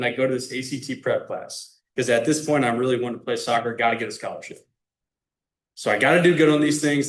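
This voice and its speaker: A man's voice: medium pitch, fairly bright tone. Earnest young man giving his testimony. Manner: casual, earnest, addresses the audience directly. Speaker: guest speaker. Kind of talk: personal faith testimony speech. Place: club meeting room.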